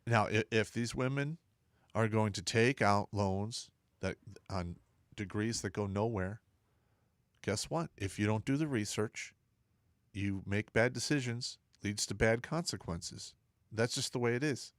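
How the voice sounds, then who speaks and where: A middle-aged man on a casual talk show, blunt and profane, telling animated stories about his days in the army. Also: on the low side, a little slow, no room sound, studio quality. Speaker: podcast co-host.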